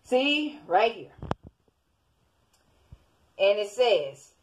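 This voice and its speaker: A woman's voice: mid-range voice, big pitch swings, drawn-out words, slight background noise. A woman preaching informally to an online audience, scolding her listeners and repeating "okay?" again and again. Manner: repetitive, scolding, keeps asking "okay?". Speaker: self-made online preacher.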